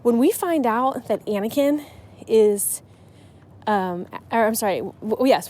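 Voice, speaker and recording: A woman's voice: mid-range voice, expressive, measured pace, a little mellow. A woman hosting a podcast about writing, talking casually and emotionally, often restarting her sentences. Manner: chatty and emotional, with frequent restarts. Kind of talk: casual solo podcast talk.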